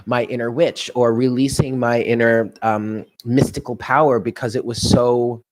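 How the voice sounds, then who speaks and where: A man with a New York accent gives a live tarot reading, musing and chatting while often laughing to himself. His voice is medium-pitched and a little mellow.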